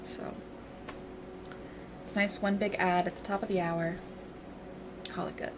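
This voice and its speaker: A woman's voice: lowish voice, unhurried. A woman game streamer chatting casually and playfully with her viewers while she waits on her game. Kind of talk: casual livestream chat. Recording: steady background noise.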